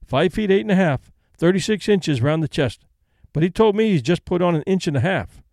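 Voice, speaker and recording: This is a reserved middle-aged companion in a storybook reading, quiet and restrained, as a man reads her. She speaks plainly and dutifully in a slightly high voice. The recording is dry and close. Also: expressive, a little fast, creaky, dry recording.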